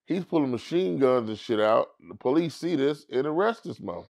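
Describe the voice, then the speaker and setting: A middle-aged man spins a long, loose story in an interview, his voice gravelly with a rough fry at the bottom. He sits at an ordinary pitch and keeps slipping into other people's voices as he goes. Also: fairly quick. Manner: animated storyteller who acts out others in high squeaky voices. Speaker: comedian guest.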